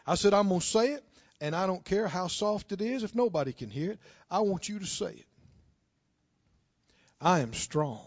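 A man preaching a sermon, telling a story and driving his points home with drawn-out, impassioned emphasis. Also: sits high, animated. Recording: dull, dry lo-fi recording.

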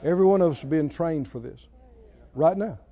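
A man preaching a sermon in a playful, chuckling way that builds to shouted calls to the congregation. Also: a little high, brisk, lo-fi sound.

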